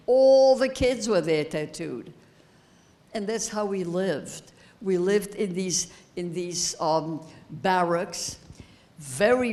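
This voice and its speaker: A woman in her eighties giving a personal testimony as keynote speaker, slow and halting, repeating phrases as she grows emotional. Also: mid-range voice, a little mellow. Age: 80s. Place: high school event hall.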